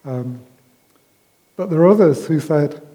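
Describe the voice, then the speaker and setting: Mellow-voiced man preaching in a reverberant hall. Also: fairly high pitch, expressive. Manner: unhurried, with frequent ums and restarts. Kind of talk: conversational sermon.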